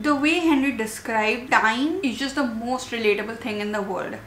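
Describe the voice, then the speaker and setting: A woman's voice: on the high side, moderate pace, loud music behind the voice. A woman in her twenties chatting about books in a casual vlog, gushing and emotional, often repeating words for emphasis. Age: 20s. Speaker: book vlogger. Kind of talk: casual book vlog chat. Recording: echoey room with faint ambience.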